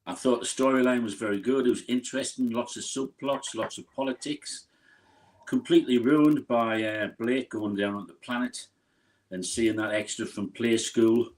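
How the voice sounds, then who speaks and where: Blunt, opinionated man on a podcast. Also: lowish voice. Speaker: podcast panelist. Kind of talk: casual chat.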